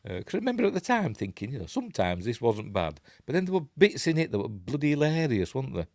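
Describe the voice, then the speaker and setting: A man's voice: mid-range voice, very animated, fast, darkish tone, no room sound, clean studio sound. A man with a Yorkshire accent hosting a live news stream, reading articles aloud and mocking them in a chatty, sarcastic way. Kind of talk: casual live-stream commentary.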